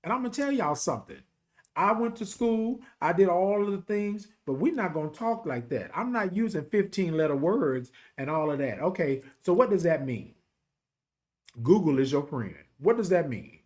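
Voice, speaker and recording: A man's voice: sits high, sing-song, moderate pace, a little mellow. A man from Texas with a country twang, hosting a casual, emphatic talk show and speaking straight to his listeners in a folksy way. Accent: Texan, country. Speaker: podcast host and HIV advocate. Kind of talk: casual direct-to-audience talk.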